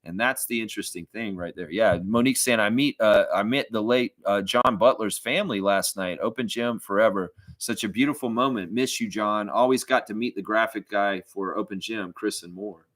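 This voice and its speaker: A man's voice: fairly low pitch, moderate pace, hardly any pauses, fairly bright tone, dry recording. A middle-aged man from the southern United States hosting a sports fan livestream, reading out viewer comments in rambling casual chat full of fillers and flaring into profane rants.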